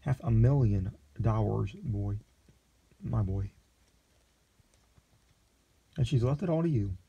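Brief: man playing a condescending, grasping lawyer with a gravelly, dark tone. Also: lowish voice, animated, slow, highs cut off, exaggerated voice. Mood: scheming. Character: greedy smooth-talking male city lawyer.

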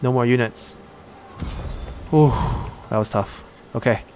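A man giving casual let's-play commentary while he plays a strategy game, thinking aloud and pausing often on fillers. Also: medium pitch, a little mellow, slight background noise. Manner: thinks aloud, halting with frequent "uh".

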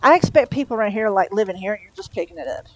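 A woman's voice: a little high, lively intonation, racing, vocal fry, no echo, voice pushed up, poor audio. A woman reading a storybook and voicing a sly, mocking male demon. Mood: breezy. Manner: breezy, mocking.

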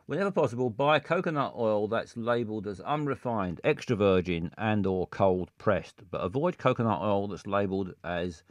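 Brief: a man hosting a stream, chatty and halting, close dry mic. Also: lowish voice, lively intonation, no room sound. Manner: rambling and hesitant, many fillers. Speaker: streamer host. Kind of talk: casual live-stream chat.

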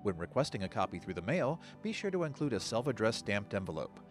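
Brief: announcer, man, very lively intonation, formal read, faint music underneath. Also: on the low side, fast talker. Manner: formal, polite. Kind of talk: scripted voice-over announcement.

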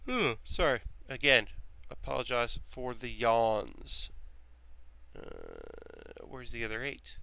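A man streaming live in casual chat, rambling and thinking aloud with frequent restarts, dropping to a quiet mutter while he works with his hands. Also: mid-range voice, steady tone, a little slow, creaky, clear, resonant tone. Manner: drops to a quiet mutter while focused on handiwork.

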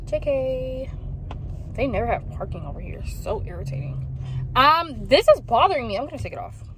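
A woman's voice: a little high, big pitch swings, quick pace, background noise. A woman vlogging from her car, chatting and ranting casually in slangy everyday talk. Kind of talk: casual vlog chat. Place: in a car while driving.

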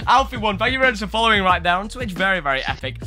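A man's voice: sits high, big pitch swings, rapid-fire, loud music behind the voice. A young man hosting a casual game livestream, chatty and laughing often. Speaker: livestream host.

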